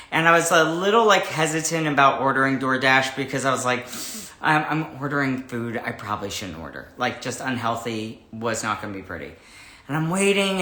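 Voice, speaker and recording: Chatty rambling male host, bright voice. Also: on the high side, reverberant. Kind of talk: casual livestream chat.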